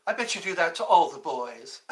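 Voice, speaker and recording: A man's voice: on the high side, big pitch swings, normal speed, slight background noise, poor audio. A man hosting a casual live stream, chatting in a rambling, self-interrupting way. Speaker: livestream host.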